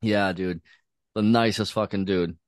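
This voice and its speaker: Deep-voiced man telling a casual story. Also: fairly even intonation, measured pace, no room sound, studio quality. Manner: laid-back, profane, lots of "like" and "dude".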